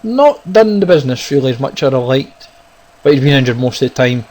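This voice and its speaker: Excitable man commentating gameplay. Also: medium pitch, a little fast, poor audio. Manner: excitable, talks to viewers as "guys" and "lads". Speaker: gaming YouTuber. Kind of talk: casual live gameplay commentary.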